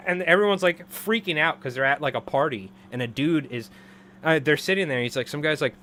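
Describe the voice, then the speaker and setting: A man's voice: mid-range voice, fast talker, fairly bright tone, a little hiss or hum. A man in his thirties chatting casually on a live stream while tying flies, rambling and laughing often. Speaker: live-streaming fly tyer.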